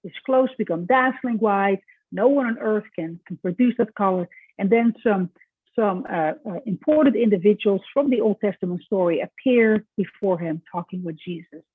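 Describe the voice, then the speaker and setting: A woman's voice: medium pitch, normal speed, husky, dry recording. A woman lecturing to students in a conversational way, with frequent restarts and check-ins. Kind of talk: recorded lecture. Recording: tinny, phone-like dry recording.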